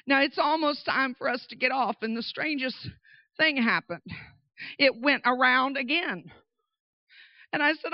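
A woman preaching through a lively personal story, with emphatic, animated delivery. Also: a little high, moderate pace, dry recording. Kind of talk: storytelling sermon. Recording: dull dry recording.

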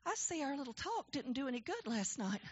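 A woman preaching who quotes a calm, blunt male hospital doctor in a low, quiet, matter-of-fact voice. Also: a little fast, lo-fi sound.

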